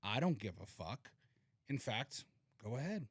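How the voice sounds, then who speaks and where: A man's voice: mid-range voice, very animated, measured pace, slightly rough, no room sound, clean studio sound. Swearing, laughing man on a podcast. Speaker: podcast co-host. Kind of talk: casual chat.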